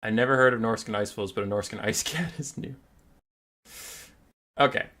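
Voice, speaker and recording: A man's voice: lowish voice, normal speed, bright, forceful tone. A man streaming a strategy game live, chatting casually and playfully and slipping into baby talk with his pets.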